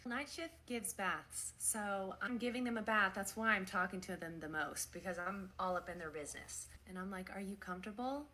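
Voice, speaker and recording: A young woman, a nurse, telling a story casually and acting out the dialogue with lively swings in her voice. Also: moderate pace, hardly any pauses. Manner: animated, acts out quoted dialogue with big pitch jumps.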